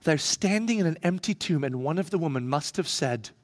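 High-voiced dramatic male preacher. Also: lively intonation, a little fast. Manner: dramatic, swinging from hushed to loud. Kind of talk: sermon.

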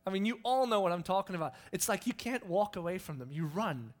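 Man preacher, fairly high voice, playful, acts out his stories. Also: fast, soft background music. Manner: animated, acts out scenes with sudden yelps. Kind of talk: sermon with lively storytelling.

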